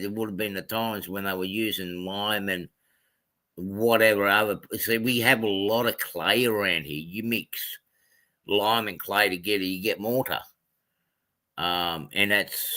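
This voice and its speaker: A man's voice: lowish voice, bright, forceful tone. A man from Australia chatting casually on a livestream, rambling with many ums and self-corrections. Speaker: livestream host.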